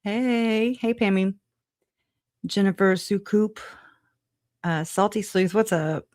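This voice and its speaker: A chatty woman runs a casual livestream, greeting her viewers one by one. She speaks slowly and frankly, with frequent laughs and a note of exasperation. The sound is dry, with no room echo. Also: medium pitch, darkish tone. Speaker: livestream host.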